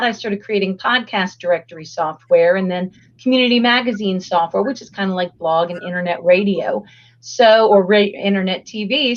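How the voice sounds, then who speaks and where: Raspy hoarse woman guest chatting upbeat, kinda dull lo-fi audio. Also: medium pitch. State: hoarse after illness. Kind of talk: casual interview.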